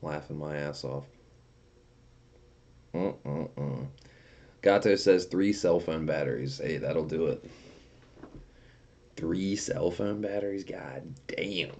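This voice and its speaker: A man's voice: very deep voice, slow pace, gravelly, pauses often, dark tone. A young man casually chatting on a livestream, reading viewer comments aloud and telling profane stories with frequent laughter. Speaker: streamer.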